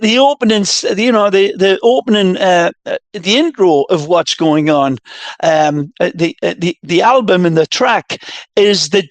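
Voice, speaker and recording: Older Geordie man, high bright voice, lively storyteller, dry studio sound. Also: moderate pace, dry recording. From Northeast England. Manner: animated storyteller, lots of restarts. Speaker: guest, retired soccer commentator. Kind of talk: casual chat.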